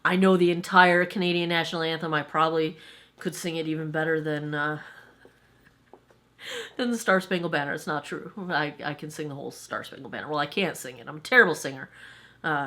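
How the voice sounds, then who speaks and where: A woman's voice: low voice, sharp tone. Woman, forties, US beauty vlogger, chatty and self-deprecating, rambly Q&A. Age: 40s. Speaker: beauty YouTuber. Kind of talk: casual Q&A chat to camera.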